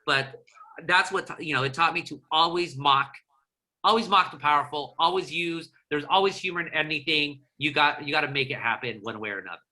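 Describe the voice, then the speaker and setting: A man from Southern California, a journalist guest on a podcast, talking in a fast, animated storytelling way. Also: fairly high pitch. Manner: animated, rapid storytelling with restarts. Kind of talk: casual interview chat.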